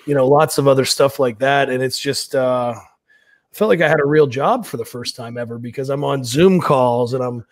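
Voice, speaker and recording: A man's voice: mid-range voice, normal speed, dry recording, clean studio sound. A man speaking as an interview guest, profane and laughing, with a confident, businesslike bravado. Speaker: guest wrestler. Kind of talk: casual interview chat.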